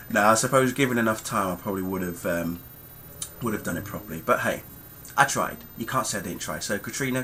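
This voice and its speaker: A man's voice: on the low side, sharp tone, slight background noise. A British man vlogging casually to camera in a put-on American accent that keeps slipping, rambling with lots of fillers and restarts.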